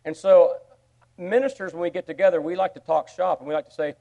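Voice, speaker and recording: Animated, higher-voiced male preacher. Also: quick pace, creaky. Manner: animated, swings from quiet asides to loud excited bursts. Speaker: pastor. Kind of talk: sermon storytelling.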